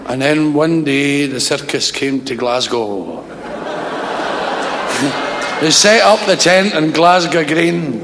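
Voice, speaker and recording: A man telling a long joke on stage, acting out characters in loud shouting voices. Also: a little high, moderate pace. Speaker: storyteller comedian. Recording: echoey hall, crowd, faint noise.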